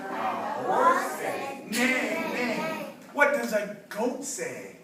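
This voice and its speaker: A woman teaching young children, telling a story and leading them through animal sounds in a slow, exaggerated, playful way. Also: medium pitch, wildly swooping pitch, over a noisy crowd. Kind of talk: storytelling and call-and-response lesson for children. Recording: echoey hall, voice from far off, background noise.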